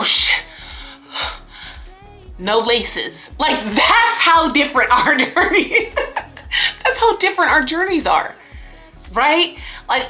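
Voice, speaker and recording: A woman's voice: on the high side, pushed and bright. A woman in her late twenties, a content creator sharing life lessons in a chatty, emphatic way and acting out little scenes. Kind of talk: casual life-lesson vlog.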